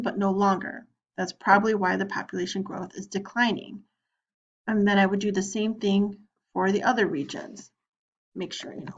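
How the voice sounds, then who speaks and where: A woman's voice: medium pitch, highs cut off. A woman teacher walking students through an online lesson, talking casually as she clicks through it and voicing their questions. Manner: chatty, plays both student and teacher. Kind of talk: screen-recorded lesson walkthrough.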